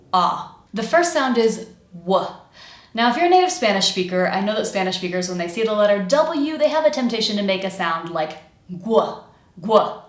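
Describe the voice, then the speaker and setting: A woman with an American accent teaching pronunciation, demonstrating and exaggerating sounds clearly for learners. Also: mid-range voice, reverberant. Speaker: accent coach. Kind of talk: pronunciation lesson.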